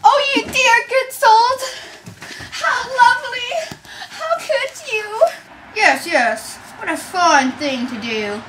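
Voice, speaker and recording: A woman's voice: very high-pitched, animated, takes it slowly, roomy sound, recorded from a distance, background noise, heavily acted. A young woman playing a trusting young orphan woman, earnest and gushing, in an amateur drama reading.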